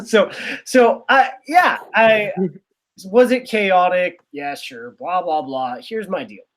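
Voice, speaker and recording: A man's voice: sits high, slow pace, a bit bright. A man co-hosting a podcast in casual chat, rambling and sarcastic, often trailing off. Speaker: podcast co-host.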